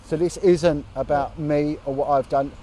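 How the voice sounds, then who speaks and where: A man's voice: a little high, fairly even intonation, moderate pace, dark tone. A man vlogging from a roadside bench on a long walk, talking earnestly and indignantly, with blunt swearing. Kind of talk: casual outdoor chat to camera. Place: outdoors, sitting on a bench by a road.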